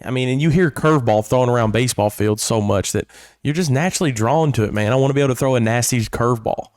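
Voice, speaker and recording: A man's voice: mid-range voice, fast, dry recording, studio quality. An American man co-hosting a sports talk show, chatting casually and calling people "man". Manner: relaxed, says "man" a lot. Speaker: co-host and youth recruiter. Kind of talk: casual podcast chat.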